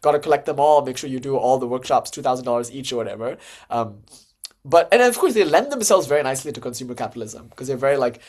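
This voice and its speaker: A man's voice: mid-range voice, fast talker. Chatty man giving a spiritual lecture. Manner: conversational, with frequent "like" and "you know" fillers; animated, jumps to lively acted-out dialogue. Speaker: lecturer on Hindu tantra and philosophy.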